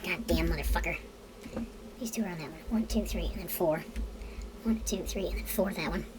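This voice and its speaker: A woman's voice: fairly low pitch, brisk, noisy background. Woman cursing while counting blocks. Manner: counts blocks aloud and curses under her breath at mistakes; addresses viewers directly. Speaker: game building tutorial host. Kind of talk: casual screen-recorded tutorial narration.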